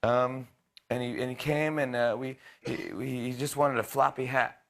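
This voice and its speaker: A man in his thirties, a talk show host, telling a casual anecdote with lots of restarts, quick impressions and laughter. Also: mid-range voice, fairly even intonation, gravelly.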